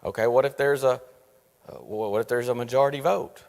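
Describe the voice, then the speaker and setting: A man leading a church Bible study, earnest, asking rhetorical questions and slowing down to stress his points. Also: mid-range voice, fairly even intonation, darkish tone. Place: church meeting room. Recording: long reverb in a church room.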